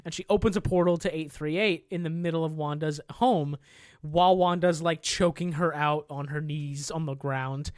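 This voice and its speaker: A man's voice: a little high, fairly even intonation, moderate pace, no room sound, clean studio sound. A man co-hosting a podcast, retelling a film's plot in casual chat, swearing often and acting out the characters' lines. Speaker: podcast co-host. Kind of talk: casual recap of a film plot.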